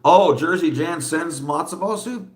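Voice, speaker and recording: A man's voice: on the high side, a little slow, echoey room. Blunt rambling man on a livestream. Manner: rambling, blunt, laughs often, reads chat aloud. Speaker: livestream host. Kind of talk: casual livestream chat.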